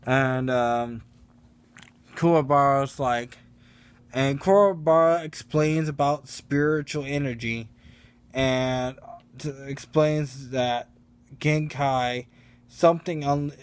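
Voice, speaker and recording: Slow, rambling male storyteller. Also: medium pitch, clean tone. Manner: rambling, with frequent self-corrections and fillers. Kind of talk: casual improvised fan storytelling.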